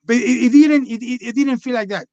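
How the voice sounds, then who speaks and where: A man with a high-pitched voice tells his own story in a candid, rambling way, swearing freely and talking bluntly. The sound is dry and close, and a bit dull and lo-fi. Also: brisk, dark tone, no echo. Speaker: podcast guest.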